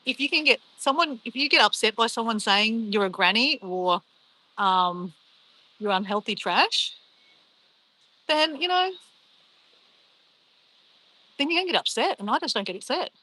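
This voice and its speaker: Australian woman, middle-aged, livestream host; bright, slightly high voice, chatty and unbothered. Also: slightly rough, rough recording. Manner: chatty, upbeat, brushes off insults. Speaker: livestream host reading chat. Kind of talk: casual livestream chat.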